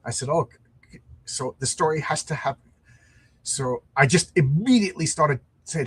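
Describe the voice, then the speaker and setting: A man's voice: fairly high pitch, quick pace, a bit bright, breathy edge. A middle-aged man hosting a comic book show, chatting casually and rambling in a self-deprecating way. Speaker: comic podcast host.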